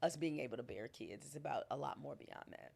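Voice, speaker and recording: A middle-aged woman with a low, gravelly voice talks frankly as a podcast guest. She speaks with emphatic conviction and laughs often. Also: a little fast, a little mellow, slight background noise. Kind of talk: casual interview conversation.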